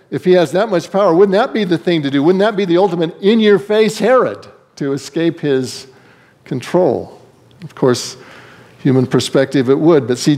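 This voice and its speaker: Pastor preaching with rhetorical questions. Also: male voice, a little high, darkish tone. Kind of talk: sermon.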